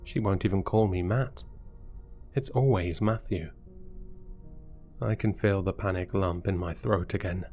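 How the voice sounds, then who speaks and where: A man narrating a first-person horror story in a deliberate, brooding way. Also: low voice, darkish tone, soft background music.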